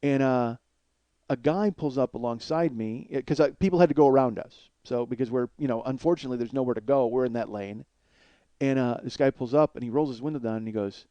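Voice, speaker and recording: A man in his forties, a comedian host, telling a long story in a blunt, profane, animated way. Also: mid-range voice, a little fast, smooth, no echo, lo-fi sound. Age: 40s.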